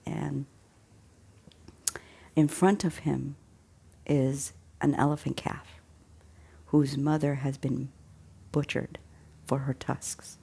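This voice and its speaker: A woman casually retelling a film plot, an animated storyteller who chuckles and drops into hushed asides. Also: rumbling low, slow, creaky, pauses often, slightly rough. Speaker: faith channel host.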